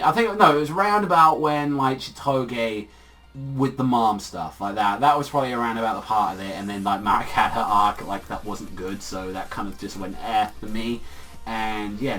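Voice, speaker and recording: A young man with a lowish, fairly bright voice gushes over a manga chapter in a casual video review, speaking at a moderate pace. He rambles through fillers and swears freely. He sounds far from the mic, with faint music in the background.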